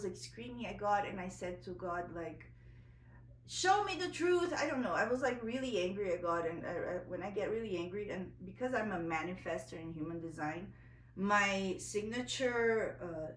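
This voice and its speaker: A woman's voice: medium pitch, echoey room, far from the mic, rough recording. A woman vlogger telling a personal story in a candid, emotional way, a little nervous, full of fillers and restarts.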